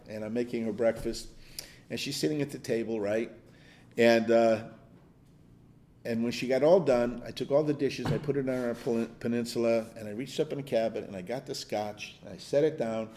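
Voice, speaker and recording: Rambling through his stories with frequent chuckles and restarts, an older man leads a Bible study in a conversational teaching style. He speaks at a moderate pace with a mellow, medium-pitched voice.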